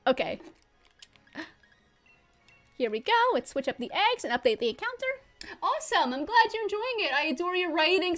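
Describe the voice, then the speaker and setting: A woman's voice: high voice, a bit bright. A young adult woman chatting casually and bubbly while livestreaming a game from home, laughing often.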